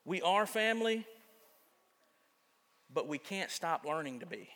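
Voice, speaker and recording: Bright-voiced earnest pastor preaching. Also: male voice, fairly high pitch, animated, measured pace. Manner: earnest, swinging between loud emphasis and quiet confiding. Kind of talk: sermon. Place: church sanctuary. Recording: long church reverb.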